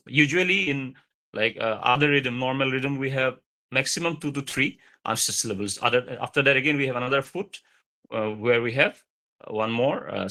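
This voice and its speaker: Guy teaching a class over a video call, bright voice, lots of uhs, keeps repeating himself. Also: medium pitch. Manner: explanatory, repeats points with fillers. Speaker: lecturer.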